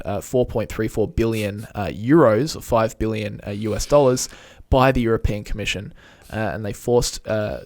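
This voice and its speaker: A young man co-hosting a podcast, chatting casually and joking, his voice a bit worn from being unwell. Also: on the low side. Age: young adult. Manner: chatty, jokey, lots of fillers. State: unwell, strained voice. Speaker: podcast co-host.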